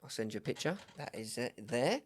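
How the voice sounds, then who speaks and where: A man's voice: mid-range voice, very animated, brisk. Easygoing man who laughs a lot. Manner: easygoing, agreeable, laughs often. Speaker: podcast co-host. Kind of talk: casual chat.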